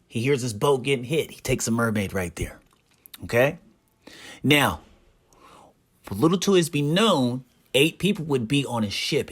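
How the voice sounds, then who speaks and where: A man hosting hyped gaming drama commentary, emphatic and repeating short tags. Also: medium pitch. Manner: emphatic, repeats "right?" and "problem".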